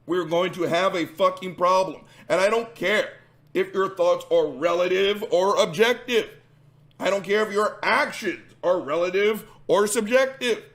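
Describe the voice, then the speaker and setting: A man's voice: high-pitched, unhurried, fairly bright tone. A man hosting a reaction commentary, ranting combatively and sarcastically with lots of swearing. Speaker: commentary host.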